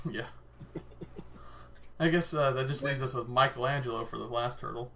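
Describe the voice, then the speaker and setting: A man's voice: mid-range voice, normal speed, gravelly, fairly bright tone, slight background noise. A man co-hosting a podcast in casual chat, thinking aloud and laughing often. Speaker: podcast co-host.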